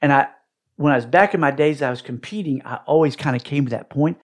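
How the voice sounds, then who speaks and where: A man's voice: mid-range voice, quick pace. A middle-aged man telling an emotional personal story as a podcast guest, acting out what people said with dramatic swings. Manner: animated, dramatic re-enacting of quotes.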